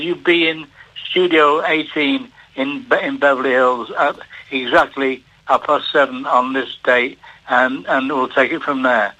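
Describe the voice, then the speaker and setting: An older man, a television producer, telling a story on the radio with halting repeats and lively delivery. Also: medium pitch, low-quality recording. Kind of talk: anecdotal storytelling.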